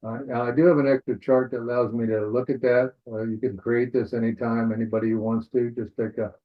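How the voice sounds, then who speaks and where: A man at a middle pitch talks viewers through his trading charts in a live webinar. His manner is loose and casual: he thinks aloud and fills the gaps with "all right." His voice comes through thin and narrow, like a phone line. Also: level tone, a little fast. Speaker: forex trading instructor. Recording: tinny phone-like webinar audio.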